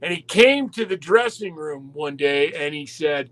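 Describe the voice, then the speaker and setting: A man telling wrestling stories in casual chat, animated and swearing constantly. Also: fairly high pitch, unhurried, hardly any pauses, low-quality recording. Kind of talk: casual profane storytelling.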